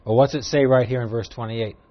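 A man's voice: medium pitch, fairly even intonation, a little fast, muffled recording. A man preaching an expository sermon, teaching conversationally and raising his voice for emphasis. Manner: conversational Bible teaching, rising loud for emphasis. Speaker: pastor.

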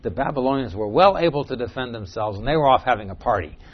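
A man teaching a Bible class, explaining the text and moving between low asides and a louder reading voice. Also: animated, fast talker, slightly rough. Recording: dull lo-fi recording.

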